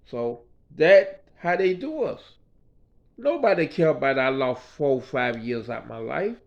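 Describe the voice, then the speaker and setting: A man vlogging from a hospital room tells a rambling personal story about his stay as a patient, often asking "you know what I mean." His medium-pitched voice is expressive and creaky, at a measured pace. The sound is dull and lo-fi.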